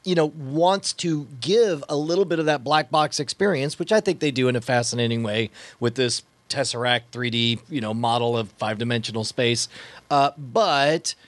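A man's voice: mid-range voice, moderate pace, no room sound. A man in a casual podcast discussion, talking thoughtfully with many restarts and fillers.

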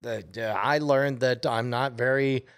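A man's voice: medium pitch, fairly even intonation, slow pace, a bit bright, clear, resonant tone. A man hosting a casual chat, talking in a reflective way with many fillers and restarts.

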